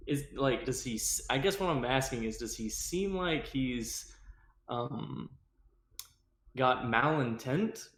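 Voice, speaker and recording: A man's voice: mid-range voice, lively intonation, takes it slowly, fairly bright tone, slight background noise. A man playing in a tabletop game, thinking aloud with hesitant questions. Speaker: player. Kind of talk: casual tabletop play. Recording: roomy echo.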